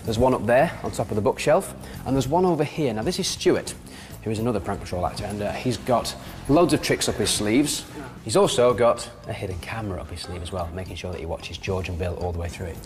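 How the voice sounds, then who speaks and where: A man's voice: lowish voice, quick pace, few pauses, long reverb tail. A man presenting a prank show on location in an upbeat, jokey way. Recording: music over the voice.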